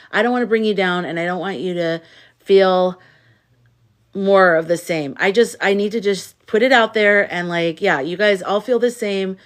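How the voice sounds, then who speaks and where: Woman livestreamer, worn out, frustrated venting between shout-outs. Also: mid-range voice. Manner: venting, frustrated and weary, thanks viewers by name. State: exhausted. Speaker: live streamer. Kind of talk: casual livestream chat.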